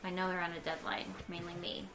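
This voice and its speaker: A woman's voice: on the low side, brisk, crowd noise. A woman co-hosting a podcast, chatting casually and reading out questions in a studio. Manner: chatty, animated storytelling.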